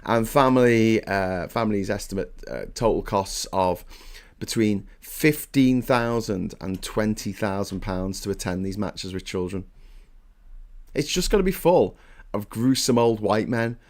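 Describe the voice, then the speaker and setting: A man's voice: lowish voice, measured pace, a little mellow. Guy on his morning livestream, chatty and sweary, thanks viewers as he goes. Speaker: host of a morning live stream. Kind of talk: casual live-stream chat.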